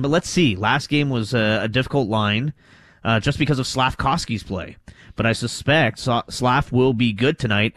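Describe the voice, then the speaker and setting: A man co-hosting a radio sports talk show, who gets worked up and climbs in pitch when riled. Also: fairly bright tone, no echo.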